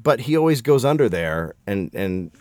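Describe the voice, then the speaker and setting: A man's voice: on the low side, moderate pace, no room sound, studio quality. A middle-aged man co-hosting a podcast, telling a story with lots of swearing and acted-out quotes. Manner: profane, animated storyteller acting out quotes. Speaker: podcast co-host. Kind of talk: casual storytelling chat.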